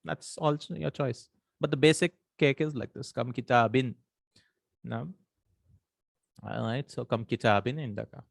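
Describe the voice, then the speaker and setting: A man's voice: mid-range voice, fairly even intonation, unhurried, vocal fry, pauses often, dry recording. A man teaching an Arabic grammar lesson in English, explaining step by step, working Arabic terms into his speech and checking in with the listener.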